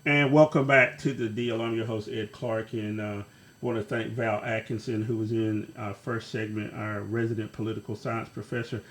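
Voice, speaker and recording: A man hosting a talk show, introducing segments and a guest in a relaxed way. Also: lowish voice, moderate pace. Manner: relaxed, with fillers and restarts. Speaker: host.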